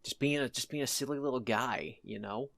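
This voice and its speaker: A playful man at a middle pitch, trading puns and laughing easily in casual podcast chat. His voice sounds dry and close, with no room around it. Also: brisk, vocal fry, a bit bright, dry recording. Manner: playful, punning, laughs often. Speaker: podcast co-host.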